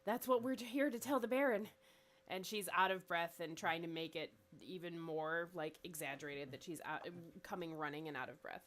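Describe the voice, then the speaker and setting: A woman's voice: fairly low pitch, normal speed, a bit bright. Hesitant woman tabletop player. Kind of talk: tabletop game play, casual chat.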